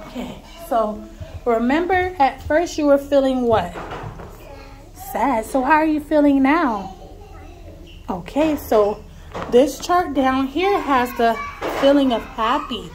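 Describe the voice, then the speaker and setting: A young woman teacher patiently calming a small child, speaking in a soothing, reassuring way in a classroom. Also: high-pitched, slow pace. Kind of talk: gentle coaching of a young child. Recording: noticeable background noise.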